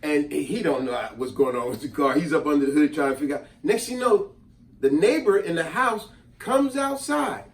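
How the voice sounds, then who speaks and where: Animated man in an echoey room. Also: a little high, moderate pace. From New Jersey. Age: middle-aged. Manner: animated, acts out quoted voices. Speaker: host. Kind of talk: casual storytelling chat. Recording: echoey room, mic at a distance.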